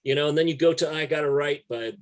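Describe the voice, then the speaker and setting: A man speaking a little high and fast is a music writer appearing as a guest. In casual conversation, he tells stories in an emphatic, profane, laid-back way.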